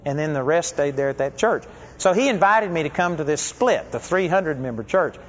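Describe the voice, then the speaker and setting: A man's voice: a little high, expressive, normal speed, a little hiss or hum. A man preaching a sermon, telling stories in a conversational, folksy way. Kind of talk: storytelling sermon. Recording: dull lo-fi recording with long hall reverb.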